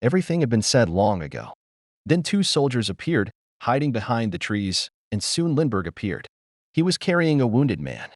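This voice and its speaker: A man narrating a first-person war memoir in a grave, measured storytelling manner. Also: medium pitch, sing-song, no room sound, studio quality.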